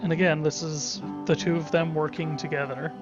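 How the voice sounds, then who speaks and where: A man's voice: on the high side, level tone, moderate pace, muffled recording, over loud music. A man giving casual let's-play commentary, rambling and thinking aloud with many restarts.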